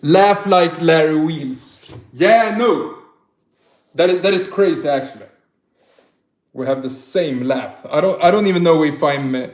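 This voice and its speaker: A young man from northern Sweden with a Swedish accent, chatting casually on a livestream, swearing a lot and laughing often. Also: mid-range voice. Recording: roomy echo.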